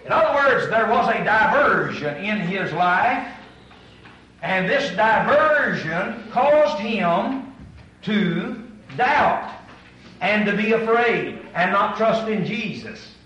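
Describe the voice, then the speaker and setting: A man preaching a sermon, animated, asking his audience rhetorical questions. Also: sits high, takes it slowly, far from the mic. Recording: echoey room, voice from away from the mic.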